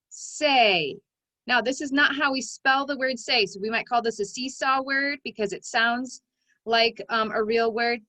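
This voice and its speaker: A woman teaching a phonics lesson to young children, sounding out each word part slowly and clearly. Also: medium pitch, pushed and bright, no echo, low-quality recording.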